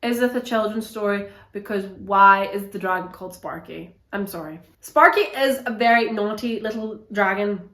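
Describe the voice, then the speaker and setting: A woman's voice: on the high side, moderate pace. Exasperated girl ranting about books, swears lots, echoey room. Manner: animated, swears a lot, exasperated. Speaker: book reviewer. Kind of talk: casual ranting book review.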